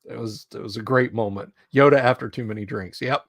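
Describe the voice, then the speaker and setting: A man's voice: mid-range voice, brisk, vocal fry, no echo. A middle-aged man streaming, chatting casually and telling rambling anecdotes close to his mic. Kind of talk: casual chat.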